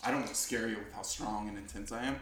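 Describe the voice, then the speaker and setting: A man's voice: fairly low pitch, fairly even intonation, fast, fairly bright tone, a little hiss or hum. A young man co-hosting a podcast, chatting casually and joking playfully with frequent swearing. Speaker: podcast co-host. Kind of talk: casual chat. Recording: roomy echo.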